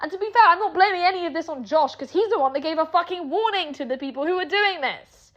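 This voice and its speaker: A woman's voice: extremely high pitch, expressive, fast talker, fairly bright tone, lo-fi sound. A young woman with a British accent delivering a heated, sarcastic rant full of swearing. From Britain. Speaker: online personality. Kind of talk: angry streamed rant.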